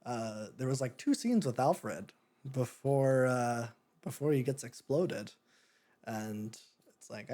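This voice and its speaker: A man's voice: mid-range voice, lively intonation, slow pace, dark tone. A young man hosting a podcast, chatting casually about a movie with lots of fillers, restarts and tangents. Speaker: podcast host. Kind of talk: casual film review chat.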